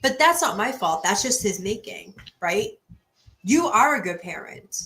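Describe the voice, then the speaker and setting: Bright-voiced blunt woman livestreamer. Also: medium pitch, big pitch swings, unhurried, low-quality recording. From Boston area. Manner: blunt, profane, emphatic, restarts often. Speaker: livestream host. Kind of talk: casual livestream chat reading comments.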